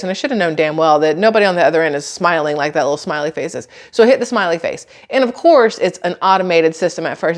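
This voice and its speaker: A woman telling a story to her viewers in a casual, exasperated, sarcastic tone, swearing now and then. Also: fairly low pitch. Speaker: YouTuber.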